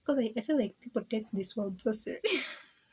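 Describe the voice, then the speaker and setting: A woman's voice: on the high side, lively intonation, moderate pace, poor audio. A woman talking casually and reflectively to her viewers, rambling, stammering, laughing often and dropping into whispers. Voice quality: very breathy, husky. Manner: drops into whispers. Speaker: vlogger.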